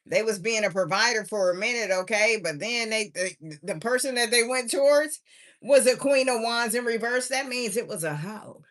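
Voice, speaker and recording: A woman's voice: on the high side, normal speed, fairly bright tone. A tired woman doing a chatty, drawling live tarot reading, with sing-song refrains. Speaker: tarot reader streaming live. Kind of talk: casual livestream tarot reading.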